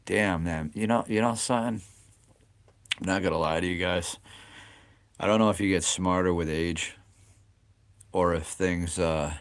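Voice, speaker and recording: A man's voice: low voice, unhurried, long pauses. A man in his late forties, hosting a casual livestream and talking loosely to viewers, rambling with lots of "you know" and "like.". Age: 40s. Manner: rambling, thinks aloud with many "you know" and "like". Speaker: livestream host. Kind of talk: casual live chat with viewers.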